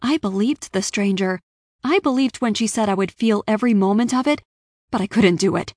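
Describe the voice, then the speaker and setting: A woman's voice: medium pitch, a little fast. A woman reads a first-person story aloud in a scripted, dramatic way, giving each line feeling. Her voice sits mid-range and is captured close on the mic, with a dry sound and no room echo. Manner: dramatic, expressive reading. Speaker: audiobook narrator.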